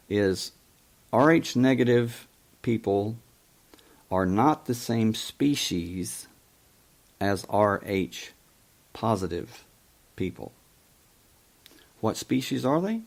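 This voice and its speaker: A middle-aged man hosting a call-in talk show, telling a story in an emphatic way and quoting past conversations. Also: on the low side. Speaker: radio show host.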